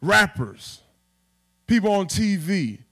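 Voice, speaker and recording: Man, preacher, street vernacular, loud-to-hushed delivery, slightly high-pitched. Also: sing-song, slow pace. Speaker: pastor. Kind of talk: sermon.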